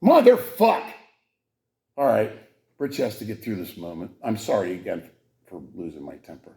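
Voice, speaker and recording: A man hosting a political podcast who swings from shouted profane rants to low, rambling mumbles. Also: huge pitch swings, normal speed, gravelly. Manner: rambling, with many fillers and restarts. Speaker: podcast host.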